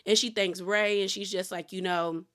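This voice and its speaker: A woman hosting a casual reality TV recap, chatty and animated, laughing often. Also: medium pitch, moderate pace. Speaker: TV recap host.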